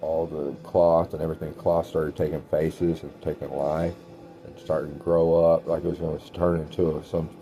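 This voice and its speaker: A man talking in a meandering spiritual monologue, trailing off with many pauses, as a self-described clairvoyant. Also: extremely low pitch, flat delivery, dark tone, faint music behind.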